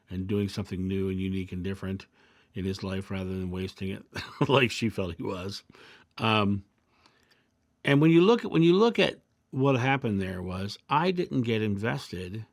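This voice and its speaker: A man hosting his own video channel, reflecting calmly through personal anecdotes and parables in a casual monologue. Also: fairly low pitch, creaky, dry recording. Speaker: video host.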